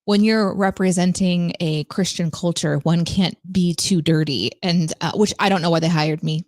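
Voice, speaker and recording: A woman's voice: lowish voice, fairly even intonation, normal speed, a little mellow, no echo, studio quality. A woman co-hosting a casual podcast chat, telling stories and laughing often. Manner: chatty, laughs often, storytelling. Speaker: podcast co-host.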